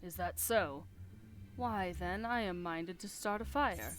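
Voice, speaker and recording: A woman's voice: on the low side, slow pace, faint music behind. A woman voicing a formal, earnest young male noble scholar in old-fashioned phrasing, reading game dialogue aloud.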